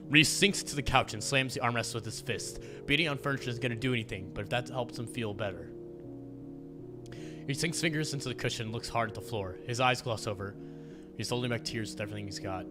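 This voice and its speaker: A man's voice: medium pitch, fast talker, music in the background. A man streaming a visual novel, reading it aloud with playful, wry asides.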